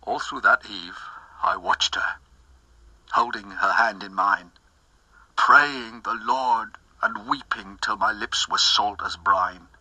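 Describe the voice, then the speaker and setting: A man's voice: fairly low pitch, slow pace, bright, forceful tone, breathy edge, no room sound, rough recording. A man giving a dramatic poetry recitation, impassioned, dropping to whispers and rising to anguished cries. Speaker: poetry reader.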